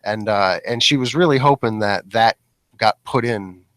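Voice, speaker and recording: A man's voice: on the low side, moderate pace, fairly bright tone, no echo, poor audio. A young man hosting a casual comedy podcast, rambling and joking with many restarts. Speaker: podcast host.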